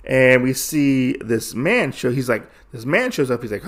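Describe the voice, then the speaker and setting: A man's voice: mid-range voice, fairly even intonation, fairly bright tone. A man hosting a podcast, recapping a comic book in a casual, rambling way, full of fillers and restarts. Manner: acts out characters' lines in quick voices. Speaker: podcast host.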